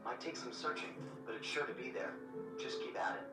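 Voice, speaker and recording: A cool master thief talks calmly and with quiet confidence. The game sound rings through an echoey room from a distance, under loud music. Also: male voice, mid-range voice, fairly quick, gravelly. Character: cool male master thief, calm and assured. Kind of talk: video game cutscene acting.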